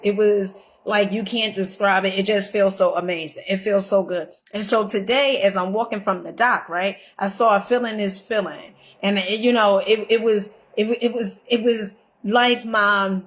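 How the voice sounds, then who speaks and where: A woman giving a casual motivational pep talk, emphatic and repetitive, swearing freely and checking in with "okay?". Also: medium pitch. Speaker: motivational vlogger.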